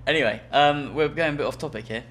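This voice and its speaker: A man's voice: fairly high pitch, fast talker, fairly bright tone. A man co-hosting a podcast, reading listener emails aloud with dry, wry humour. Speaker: podcast co-host. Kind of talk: casual comedic chat.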